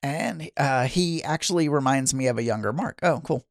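A man's voice: medium pitch, moderate pace, no echo. A middle-aged man hosting his own daily podcast, chatting casually and rambling with self-deprecating asides. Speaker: podcast host.

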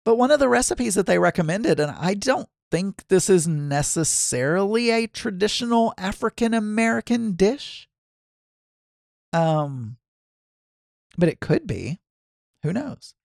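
Gravelly, musing podcast co-host. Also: mid-range voice, very animated, unhurried, a little mellow, dry recording, studio quality. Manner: musing, trails off and restarts sentences. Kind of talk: casual chat.

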